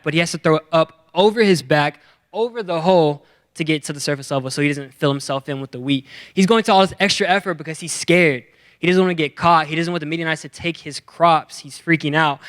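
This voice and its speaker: A young man preaching a youth sermon, telling a funny story and acting out the dialogue in lively voices. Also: fairly high pitch, clear, resonant tone. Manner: animated, acts out dialogue in story. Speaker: youth pastor.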